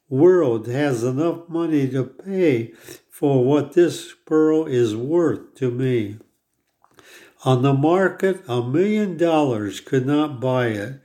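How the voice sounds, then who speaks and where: A man voicing an old pearl diver who speaks earnestly and pleads, in a slow, dark voice. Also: medium pitch. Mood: firm. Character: old male pearl diver, proud and grieving.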